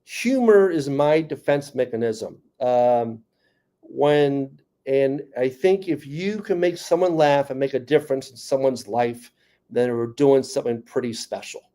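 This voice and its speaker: Fifties New York comic turned speaker, mellow warm tone, wry and earnest on stage. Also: male voice, mid-range voice, a little slow. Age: 50s. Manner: joking, then earnest and personal. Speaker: comedian and motivational speaker. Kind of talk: stand-up comedy talk at a conference.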